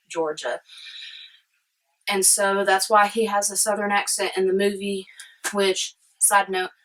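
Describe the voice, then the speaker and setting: A woman's voice: medium pitch, a bit bright, low-quality recording. A woman vlogging casually about history, chatty and rambling with eager side tangents.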